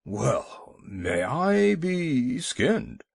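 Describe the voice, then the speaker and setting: A man voicing a grumpy, bloated old male walrus in a storybook, with a gruff, sleepy grumble. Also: mid-range voice, sing-song, extremely slow, no echo, heavily acted.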